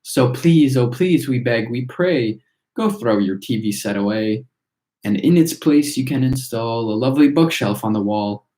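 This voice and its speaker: A man reading a chorus of tiny singing factory workers, reciting their verse in a steady rhythm. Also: medium pitch, moderate pace, lightly acted. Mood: preachy. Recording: roomy echo.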